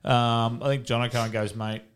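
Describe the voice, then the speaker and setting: A man's voice: medium pitch, fairly even intonation, fairly quick, a crowd in the background. A man with an Australian accent telling coaching stories in casual chat, swearing freely and laughing as he goes. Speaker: former professional footballer.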